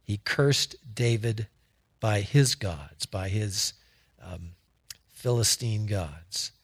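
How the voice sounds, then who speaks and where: A man preaching a sermon as a pastor, telling a story with asides and halting restarts. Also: lowish voice, slightly rough.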